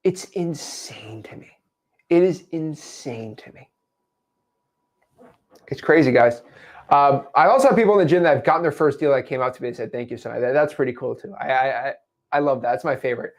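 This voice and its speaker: Speaking fast at a medium pitch, a man answers live questions as host, offering casual coaching tips. He's laid-back and calls people "man" and "dude."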